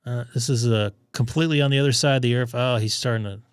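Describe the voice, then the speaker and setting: A man's voice: mid-range voice, fairly even intonation, fast talker, smooth, dry recording, clean studio sound. A man losing his voice, chatting casually as he hosts a ham radio live stream and thinks aloud. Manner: rambling, thinking aloud with fillers.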